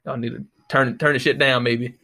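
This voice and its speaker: A man's voice: medium pitch, flat delivery, moderate pace, sharp tone. A man ranting casually as a podcast host, profane and exasperated, talking close to the microphone and mocking the people he quotes. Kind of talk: casual solo rant.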